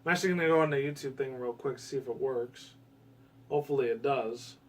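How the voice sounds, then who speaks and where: A man with a US West Coast accent gives casual, rambling gaming commentary full of swearing and excited outbursts. His mid-range voice is brisk, picked up by a distant mic.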